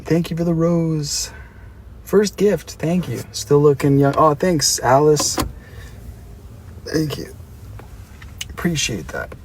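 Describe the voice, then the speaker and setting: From his car, a young Australian livestreamer chats playfully with viewers, reading and answering the chat. His slightly high, expressive voice is a little mellow, moving slowly with long pauses over a faint hiss or hum.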